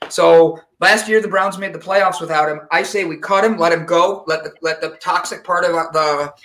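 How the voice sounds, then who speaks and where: A man hosting a live talk show, telling stories in a lively way and acting out what people said. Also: sits high, moderate pace, slight background noise. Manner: animated storyteller who acts out quotes. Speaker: show host. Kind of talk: casual radio show banter.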